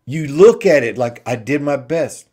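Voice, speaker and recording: A man hosting an inspirational talk show, slowly repeating simple phrases with emphasis. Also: medium pitch, lively intonation, dark tone. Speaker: host.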